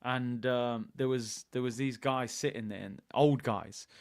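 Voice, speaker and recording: A man's voice: medium pitch, measured pace, no room sound, studio quality. A young man from hosting a football channel, chatting casually with jokey banter and slang. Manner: animated, jokey, slangy banter with put-on voices. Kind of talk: casual live-stream chat.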